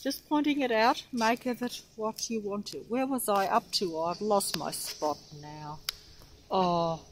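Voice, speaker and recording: A woman's voice: medium pitch, a little slow, a little hiss or hum, poor audio. An older woman vlogging outdoors, rambling and losing her place as she reads a plaque, often out of breath. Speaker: local history vlogger. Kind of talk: rambling walking vlog.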